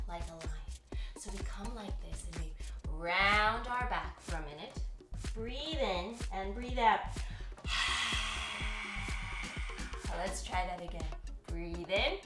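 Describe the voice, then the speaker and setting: A woman leading a guided yoga lesson for kids, encouraging and playful as she coaxes them along. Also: medium pitch. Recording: roomy echo from a distant mic with soft music.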